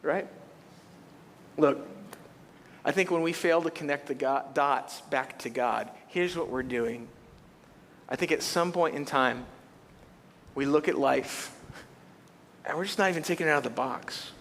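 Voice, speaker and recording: A man's voice: on the high side, moderate pace, pauses often, a bit bright, a little hiss or hum. A middle-aged man preaching a sermon in a church, telling stories with humor and animation. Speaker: pastor. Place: church auditorium. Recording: long church hall reverb.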